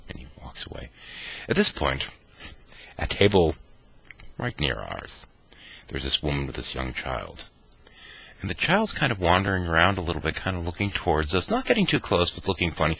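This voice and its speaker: An extremely deep-voiced man tells a wry personal story with mock-dramatic flair. His gravelly, husky voice has a bright, forceful edge, and his pitch swings widely as he acts out the scene. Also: sing-song, brisk. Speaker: vlogger. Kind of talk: anecdotal storytelling.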